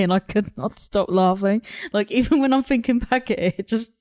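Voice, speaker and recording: A woman's voice: medium pitch, fairly quick, darkish tone. A young woman co-hosting a casual podcast chat. She laughs often and fills her speech with "like". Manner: giggly, lots of "like" fillers. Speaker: podcast co-host.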